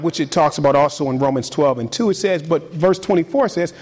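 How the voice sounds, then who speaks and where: Pastor, male, high voice, animated sermon delivery, repeats words for emphasis. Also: a little fast, hardly any pauses, breathy edge.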